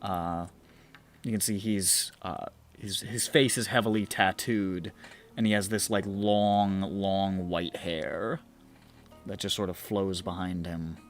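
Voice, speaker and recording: Rambling male game master, low voice. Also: fairly even intonation, slow, faint music behind. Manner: rambling, many fillers and restarts. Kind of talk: narrating a tabletop game.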